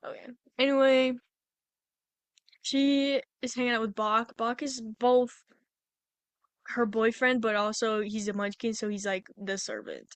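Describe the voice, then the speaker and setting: A woman's voice: a little high, little pitch movement, a little slow, long pauses, smooth, no echo. A woman on a podcast, casually retelling a movie plot in a rambling way with many restarts. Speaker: podcast co-host. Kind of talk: casual movie review chat.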